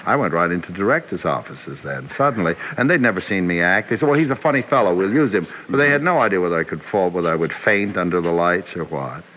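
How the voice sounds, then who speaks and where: An older male actor reminiscing in an interview, rambling and hesitant with many pauses. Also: low voice. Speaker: actor guest. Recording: dull radio recording with faint hiss.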